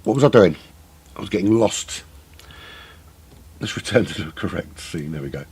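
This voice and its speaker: A man's voice: deep voice, lively intonation, normal speed, darkish tone, slightly rough. A middle-aged man doing live sim racing commentary, rambling and joking at his own expense to fill the time. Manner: rambling, self-mocking waffle. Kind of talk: live race broadcast commentary, filling time.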